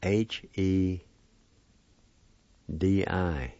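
A man gives a language lesson, spelling and pronouncing each syllable with careful deliberation. His voice sits very low and sounds mellow, and he speaks slowly. The recording is dry and dull, with a lo-fi sound. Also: no echo. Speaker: language teacher.

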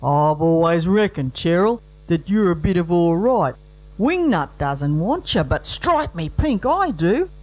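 Smitten Aussie larrikin best man, voiced by a man, broad slang, slow. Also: high-pitched, sing-song, full character voice, poor audio. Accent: Australian. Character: rough-spoken young groomsman, smitten.

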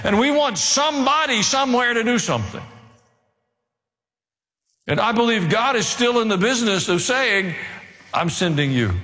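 A man's voice: high voice, expressive, normal speed, pauses often, sharp tone. A male pastor preaching a sermon, earnest, with dry asides and a rise to emphatic, fervent delivery. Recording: reverberant hall.

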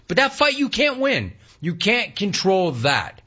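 A man's voice: sits high, wildly swooping pitch, unhurried, hardly any pauses, sharp tone. A man hosting a sports talk radio show, delivering a monologue with punchy, emphatic repetition. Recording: slightly muffled radio broadcast.

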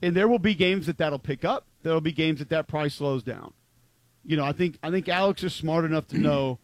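He speaks at a fairly high pitch and slightly fast pace, co-hosting a football talk show with rambling, emphatic sports chat. Filler "like"s come often, and there's no echo.

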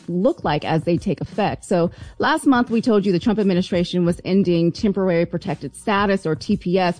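A woman giving a news report on a radio talk show, measured and with a few fillers. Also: fairly low pitch, a little mellow, no room sound.

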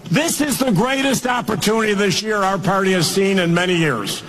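A man's voice: high-pitched, moderate pace, a bit bright. An older man, a politician, giving an emphatic, folksy political speech. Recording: speech clip in a reverberant hall with faint ambience.

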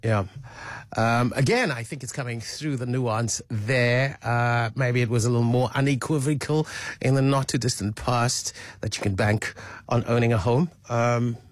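A man's voice: mid-range voice, steady tone, moderate pace, no echo. A man hosting a radio talk show, speaking in a thoughtful, hesitant way with many fillers. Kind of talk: casual radio talk, reading listener messages.

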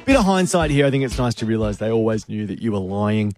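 A man's voice: fairly low pitch, sing-song, a little mellow, soft background music. An Australian man hosting a radio show, chatting and joking with callers. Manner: chatty, joking, quick laughs. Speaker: radio host. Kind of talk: casual radio banter. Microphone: studio mic.

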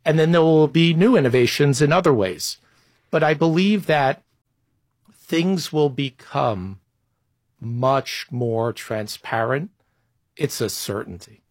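This guest executive in his fifties answers interview questions conversationally, thoughtful and a little self-deprecating, occasionally restarting phrases. He has a fairly high voice with lively intonation, speaks slowly with frequent pauses, and the studio-quality recording has no room sound.

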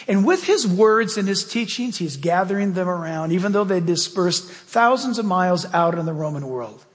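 A man preaching a sermon in an animated way, now and then dropping to soft, quiet asides. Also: sits high, normal speed, few pauses, big-room sound. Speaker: pastor. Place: church sanctuary.

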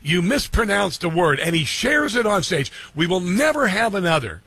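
A man's voice: high-pitched, very animated, normal speed, pushed and bright, slightly rough, dry recording. A middle-aged man hosting a talk radio show, rambling with many fillers and mocking asides. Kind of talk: casual opinionated talk radio.

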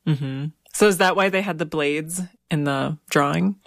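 A woman with a fairly low voice interviews her guest. Her questions are curious and encouraging, and her voice sounds dry and close. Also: a little slow, vocal fry, no room sound.

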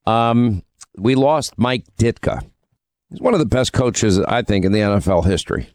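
A man's voice: fairly low pitch, normal speed, a little mellow, no room sound. Talk radio co-host, man from New York, opinionated and chatty, dry close studio sound. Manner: chatty, opinionated, with frequent fillers. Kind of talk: talk radio banter and commentary.

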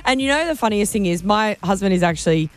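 A woman in her thirties with an Australian accent, co-hosting a chatty show, laughing often and telling lively stories. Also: medium pitch, fast talker. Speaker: radio co-host. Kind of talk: casual chat.

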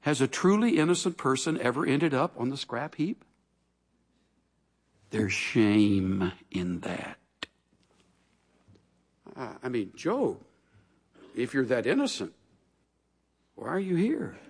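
A man's voice: medium pitch, sing-song, takes it slowly, pauses often, breathy edge. A man preaching a sermon in a large hall, telling stories with animation and acting out voices from scripture. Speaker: pastor. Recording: long hall reverb.

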